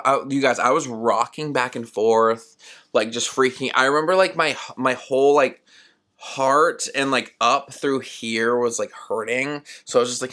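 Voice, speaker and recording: Young male solo podcaster, bright tone, chatty and rambling, acts out his own lines. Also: mid-range voice. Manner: rambling and animated, heavy use of "like"; acts out his own past words in quoted asides. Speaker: podcast host.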